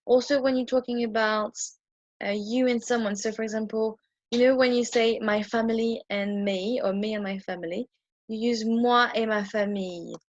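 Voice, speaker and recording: A woman's voice: a little high, no echo, muffled recording. A woman teaching a French grammar lesson at a whiteboard, explaining patiently with frequent ums and restarts. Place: indoor room with a whiteboard.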